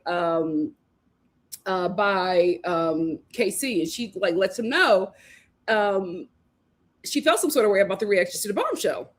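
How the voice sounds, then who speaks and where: A woman hosting a casual reality TV recap, animated and laughing as she acts out what the cast said. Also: medium pitch. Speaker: host.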